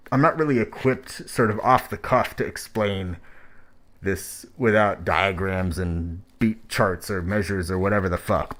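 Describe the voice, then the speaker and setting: A man streaming, giving blunt, profane, rambling critique of rap tracks. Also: on the low side.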